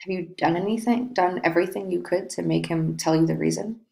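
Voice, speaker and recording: A woman's voice: on the low side, a little fast, vocal fry, a little mellow. A woman reading the part of an earnest young man who coaxes and questions his cousin. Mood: concerned. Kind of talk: reading a play aloud.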